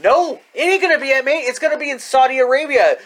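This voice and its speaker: A man's voice: extremely high pitch, lively intonation, fast, a bit bright. A man hosting a casual podcast, talking about wrestling in a rambling, profane way and laughing often. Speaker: podcast host.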